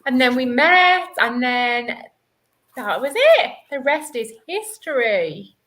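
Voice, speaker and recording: A woman's voice: high voice, sing-song, slow pace, a bit bright, low-quality recording. A woman chatting on a video call to a live stream, bubbly, with lots of "like" fillers. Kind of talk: casual chat.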